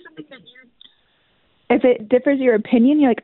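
A woman calling into a radio show as the host's wife, exasperated and quick to give examples. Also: high-pitched, no echo. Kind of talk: phone call on air. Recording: tinny phone line.

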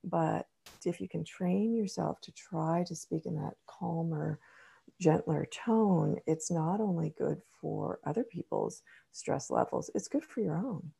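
A middle-aged woman therapist and author, answering interview questions in a measured, explanatory way with frequent ums. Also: low voice, vocal fry, warm tone, breathy edge.

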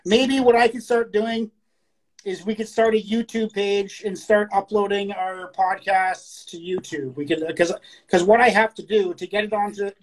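A woman co-hosting a casual podcast, talking bluntly with lots of profanity and reading poems aloud slowly. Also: mid-range voice, steady tone, low-quality recording. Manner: crude, blunt, profane talk. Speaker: podcast co-host. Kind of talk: casual chat.

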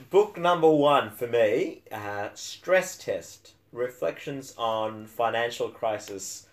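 A man's voice: medium pitch, expressive, takes it slowly, few pauses. A man co-hosting a casual book podcast, talking with frequent fillers and restarts and a dry, sarcastic edge. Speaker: podcast co-host.

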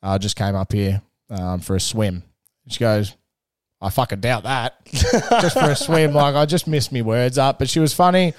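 A man's voice: medium pitch, expressive, normal speed, smooth, dry recording, clean studio sound. A man with an Australian accent, co-hosting a podcast and telling a rambling, sweary story in a casual chat. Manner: rambling, laid-back, swears freely. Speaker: podcast co-host.

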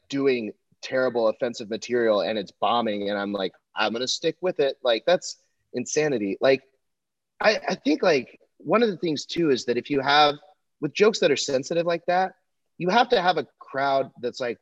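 A young man, a comedian, chatting casually in a rambling, profane, animated way. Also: medium pitch, moderate pace, no echo. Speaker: comedian and podcast co-host. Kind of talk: casual chat. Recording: dull lo-fi dry sound.

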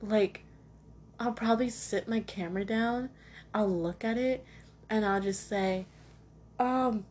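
A woman's voice: medium pitch, measured pace, darkish tone, slight background noise. A young woman hosting her own podcast from home, chatting casually in a rambling, self-deprecating way with lots of fillers. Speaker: podcast host. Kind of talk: casual solo chat. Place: at home next to a cat.

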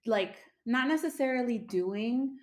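A woman's voice: fairly high pitch, lively intonation, a little slow. A young woman hosting a loose, casual podcast chat with a friend. She swears freely and laughs often. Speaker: podcast host. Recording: echoey room.

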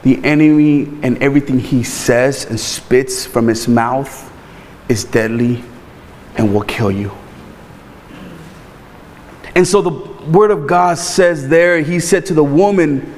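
A man preaching a sermon in a loose, animated, conversational way, repeating words and tossing in playful asides. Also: high voice, unhurried, long reverb tail. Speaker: pastor.

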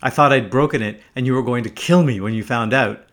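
A man's voice: mid-range voice, brisk, a bit bright, natural voice. A man voicing his nervous young male friend, talking in a casual, anxious way. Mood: relieved.

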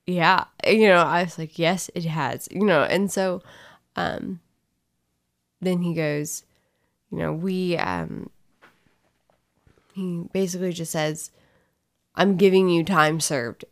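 A woman's voice: on the low side, expressive, slow, pauses often. A woman talking candidly in a casual testimony chat, rambling and emotional as she tells her story. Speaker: co-host sharing her story.

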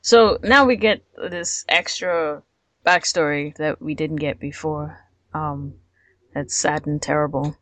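A woman's voice: deep voice, fairly even intonation, slow pace, fairly bright tone, no echo. A woman co-hosting a podcast, recapping episodes in casual chat, laughing often and acting out the characters' lines. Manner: chatty, laughs often, acts out quotes. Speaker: podcast co-host.

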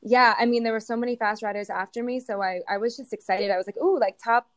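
A woman's voice: mid-range voice, steady tone, quick pace, no room sound. Young woman, chatty and giggly, lots of ums, dry close sound. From United States. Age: young adult. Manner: hesitant, many fillers and giggles. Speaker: guest, show jumping rider. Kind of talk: casual interview answers.

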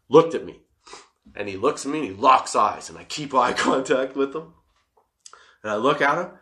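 A man's voice: mid-range voice, fairly bright tone. A man in his thirties telling a workplace story as a casual monologue, swearing freely and laughing often.

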